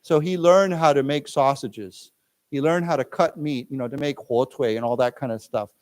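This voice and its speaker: An American man giving an English lesson in a library lecture room, reading news phrases slowly for the class to repeat and patiently explaining words. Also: mid-range voice, steady tone. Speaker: English teacher.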